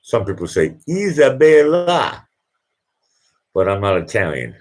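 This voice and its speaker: This is a middle-aged man, hosting a casual live stream. His voice is low and husky, and his pitch swings widely as he rambles, repeating words and restarting sentences. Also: animated, moderate pace. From Boston.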